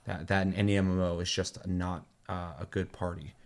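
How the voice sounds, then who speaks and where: Profane, rambling gamer man, low voice. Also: little pitch movement, a little fast. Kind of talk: casual gaming chat.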